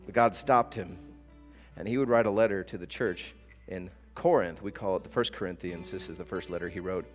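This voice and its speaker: A man preaching a sermon as pastor, telling stories with lively acted-out quotes. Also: sits low, fairly quick. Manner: animated storytelling with acted-out quotes. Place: church sanctuary. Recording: long church reverb with soft guitar.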